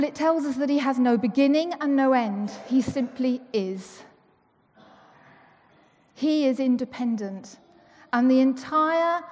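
A woman with a high, slightly mellow voice delivers a conversational sermon to her church congregation. She's a church member giving the talk, chatty and playful, and she asks rhetorical questions. The church hall adds a long reverb.

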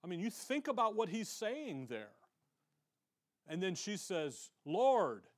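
An American man preaching a sermon, reading scripture loudly and dropping to quiet, conversational asides. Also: sits high, very animated, a little slow. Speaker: pastor.

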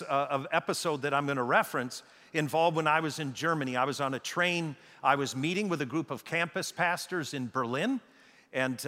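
Emphatic preacher with a lively, bright voice. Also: male voice, a little high. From United States. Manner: emphatic, slows down and repeats key phrases. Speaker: pastor. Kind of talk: sermon. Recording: reverberant hall.

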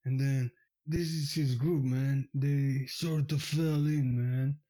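A man's voice: medium pitch, fairly even intonation, takes it slowly, dark tone, natural voice. A man voicing a laid-back robed brother who tacks "man" onto every phrase, in a tabletop game. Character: Cal, Sasha's laid-back dude brother in a robe.

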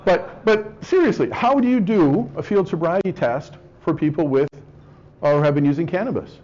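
A man giving a wry, joking lecture to a live audience, often clearing his throat. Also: on the high side, lively intonation, moderate pace, a little mellow. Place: room with an audience. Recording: slightly dull lo-fi recording.

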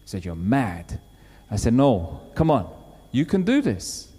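A man preaching a sermon, telling a story with lively acted-out quotes. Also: mid-range voice, moderate pace, husky. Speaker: pastor. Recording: long hall reverb.

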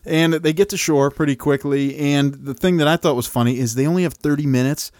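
A man's voice: fairly high pitch, fairly even intonation, brisk, darkish tone, no echo, studio quality. A man co-hosting a casual podcast about a film, adding agreement and wry asides. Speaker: podcast co-host. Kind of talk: casual movie recap chat.

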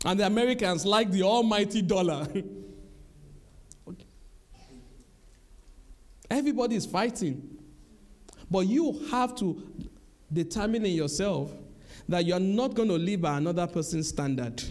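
A man's voice: sits high, lively intonation, a little slow, long pauses, a little mellow. A man preaching a sermon in church, emphatic and repetitive, speaking straight to the congregation.

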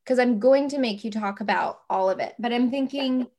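Chatty young woman, slightly high voice. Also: normal speed, darkish tone. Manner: chatty, rambling, lots of fillers and laughs. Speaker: podcast host. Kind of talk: casual chat. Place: home.

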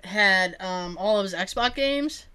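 Woman gabbing on a chat show, bright voice, swoops way up and down doing everyone's voices. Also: medium pitch, slow pace, clear, resonant tone. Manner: animated storyteller, acts out quoted voices, laughs often. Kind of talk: casual chat.

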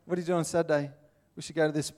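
Casting: a man doing an overeager expat parent, high and breathless, Australian accent, gushing. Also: rapid-fire, natural voice. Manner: gushing, excited invitations.

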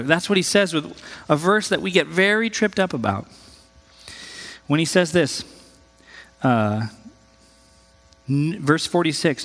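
Man, pastor, sermon, high voice, conversational, animated, long hall reverb. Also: unhurried, long pauses. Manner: conversational, animated, jumps in pitch for quoted voices.

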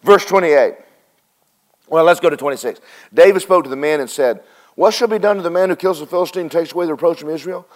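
Male preacher, high pitch, animated sermon delivery with call-and-response. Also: quick pace. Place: church service with congregation responding.

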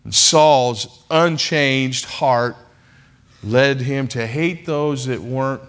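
A male pastor delivers a sermon in a church sanctuary, speaking slowly at a mid-range pitch. He leans on emphasis, repetition and long dramatic pauses to drive each point home. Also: fairly bright tone, smooth.

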